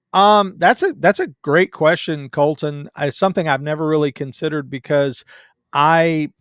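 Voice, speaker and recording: A man who is a guest on a podcast, chatting casually with a joking, animated manner. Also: fairly high pitch, clear, resonant tone, dry recording, clean studio sound. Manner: joking, animated, quick asides. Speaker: pastor and guest. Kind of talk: casual chat.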